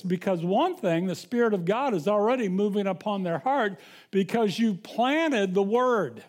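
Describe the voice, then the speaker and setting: A man's voice: sits high, lively intonation, normal speed, few pauses. A man preaching a sermon as pastor, talking conversationally with frequent restarts and reading scripture aloud.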